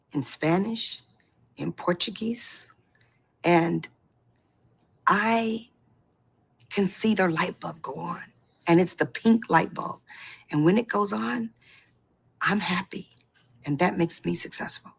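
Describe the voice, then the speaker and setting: A middle-aged woman telling her personal story in an animated way, laughing and acting out what people said. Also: on the low side, a little slow, gravelly, pauses often, husky. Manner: animated, laughing, acts out quotes.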